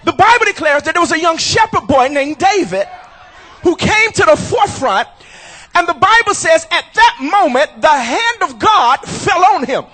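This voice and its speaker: A male pastor preaching a shouted sermon at a church service, using rhythmic repetition and calling out to the congregation. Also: very high-pitched, sing-song, moderate pace.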